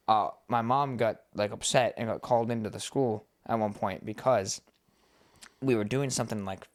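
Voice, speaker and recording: A young man co-hosting a podcast, telling rambling stories in casual chat and swearing freely. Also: fairly low pitch. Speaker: podcast co-host.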